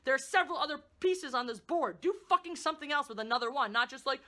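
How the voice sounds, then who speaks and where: A woman's voice: high-pitched, expressive, fast talker, bright, forceful tone. A woman reviewing a movie in a profane, sarcastic, exasperated rant. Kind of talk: ranting film review.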